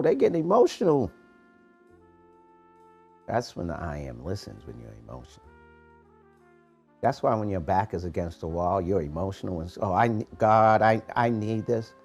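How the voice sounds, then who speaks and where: A man hosting a morning podcast, giving a preachy, animated motivational talk in street-casual phrasing. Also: low voice, moderate pace, vocal fry, pauses often, soft background music. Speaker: podcast host, motivational coach.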